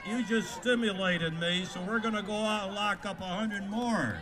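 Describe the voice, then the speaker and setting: A man from Massachusetts, a sheriff, giving a blunt, joking outdoor rally speech into a microphone, with bursts of shouting. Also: high voice, steady tone, moderate pace. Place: outdoors at a state capitol lawn. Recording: outdoor rally with crowd noise.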